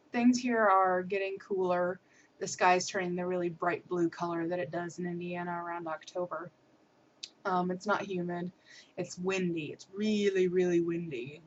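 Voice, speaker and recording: A woman's voice: lowish voice, a little hiss or hum. A young American woman giving a casual video diary update, talking in a chatty, upbeat way with frequent ums and little laughs. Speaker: vlogger. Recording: muffled lo-fi camera audio.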